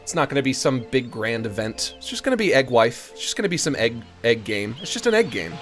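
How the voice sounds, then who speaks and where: A man's voice: mid-range voice, big pitch swings, fairly quick, fairly bright tone, soft background music. Playful rambling male streamer. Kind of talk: casual live-stream chat.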